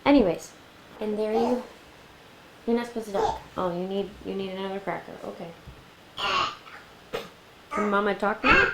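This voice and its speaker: A young woman chatting through a craft tutorial, laughing often and talking gently to her toddler. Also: medium pitch, fairly even intonation, normal speed, pauses often, heavy background noise. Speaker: craft vlogger. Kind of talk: casual craft tutorial chat.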